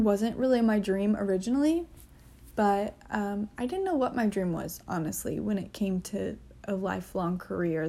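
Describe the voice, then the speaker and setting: A woman's voice: mid-range voice, creaky, dark tone. A young woman hosting her own podcast, talking in a chatty, earnest way, with frequent ums and gushing asides. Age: young adult. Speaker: podcast host. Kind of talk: casual solo podcast chat.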